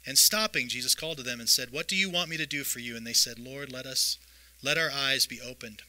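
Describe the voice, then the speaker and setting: A man preaching a sermon, reading scripture aloud and retelling the stories in a lively way. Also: mid-range voice, a little fast, poor audio. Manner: lively storytelling, reads scripture aloud with voiced asides. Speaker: pastor.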